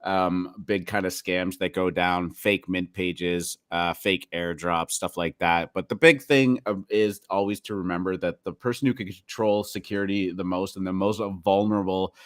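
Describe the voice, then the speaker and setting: A man's voice: low-pitched, fairly even intonation, normal speed, hardly any pauses, dry recording, studio quality. A man co-hosting a casual morning show, talking in a rambling way with many fillers. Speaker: co-host of a crypto news show. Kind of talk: casual chat.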